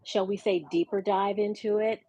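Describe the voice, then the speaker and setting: A woman speaking as a podcast guest, telling her story in a reflective, unhurried way over a video call. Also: mid-range voice, fairly even intonation, mellow, no echo, rough recording. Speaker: podcast guest and hypnosis practitioner. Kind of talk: casual conversational interview.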